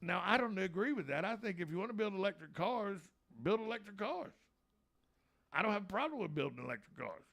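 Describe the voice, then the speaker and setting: A man's voice: high voice, big pitch swings, fairly quick, creaky, fairly bright tone. A man hosting a local radio talk show, folksy, joking and opinionated.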